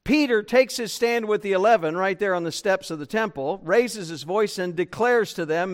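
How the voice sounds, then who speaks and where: Man, pastor, sermon, high voice, smooth resonant tone, emphatic, rhetorical questions. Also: normal speed, few pauses.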